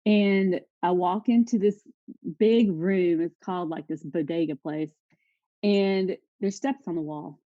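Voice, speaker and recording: A woman's voice: lowish voice, unhurried, dark tone, dry recording, dull audio. Candid woman sharing her recovery story. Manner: candid and emotional, addressing the audience directly. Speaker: recovery speaker. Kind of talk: personal testimony talk.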